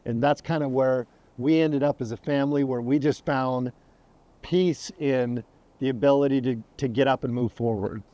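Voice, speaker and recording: A man's voice: mid-range voice, steady tone, moderate pace, dark tone, no echo, lo-fi sound. A middle-aged man who is a sheriff, speaking earnestly in an interview and repeating phrases for emphasis. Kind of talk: podcast interview, testimony.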